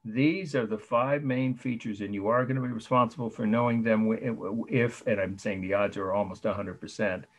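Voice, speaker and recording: A man lecturing on art history over a video call, slowly spelling out terms and repeating key points. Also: fairly low pitch. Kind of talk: online lecture.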